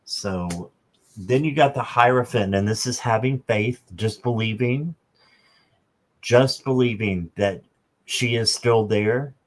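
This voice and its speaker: Male tarot host, low voice, very slow and reassuring delivery. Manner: gentle, reassuring, unhurried card-by-card explanation. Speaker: tarot reader and channel host. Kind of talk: live tarot reading.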